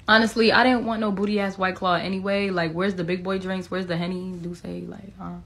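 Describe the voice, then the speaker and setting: A woman's voice: fairly low pitch, little pitch movement, brisk, creaky. A woman giving a comedic reaction rant, sassy, profane and mocking. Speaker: commentator.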